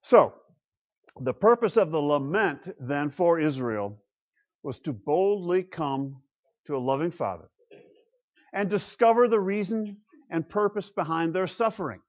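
A man's voice: fairly high pitch, lively intonation, unhurried. Guy lecturing on the bible, emphatic, asks rhetorical questions, kinda muffled old recording. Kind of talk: classroom lecture on the Psalms.

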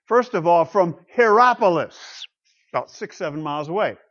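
A man preaching a sermon in a slightly raised voice, his delivery emphatic, with loud bursts of declaration that drop to quiet, confiding asides. The recording is dull and lo-fi, missing its high end. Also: animated, normal speed. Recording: dull lo-fi sound.

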